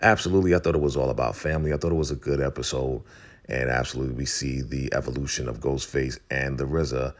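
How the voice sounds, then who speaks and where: A man's voice: very deep voice, fairly even intonation, fast. A man hosting a casual recap vlog, laid-back and calling his viewers family. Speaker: host of a TV recap channel.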